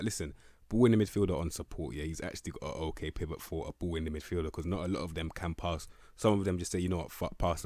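A young man giving casual, excitable game commentary, rambling in slang, swearing and stumbling over restarts. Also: low voice, no room sound, clean studio sound. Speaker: gaming video creator.

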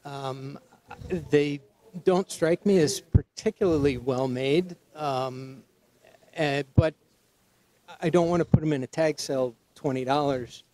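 A man's voice: on the high side, unhurried, warm tone, poor audio. Hesitant man from Connecticut. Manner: hesitant, many ums and restarts. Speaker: guest with collectibles. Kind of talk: casual storytelling.

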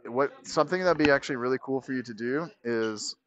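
A man's voice: medium pitch, fast talker, fairly bright tone. A man talking casually on a live stream, loose and full of fillers as he explains an idea. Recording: slightly dull lo-fi stream audio.

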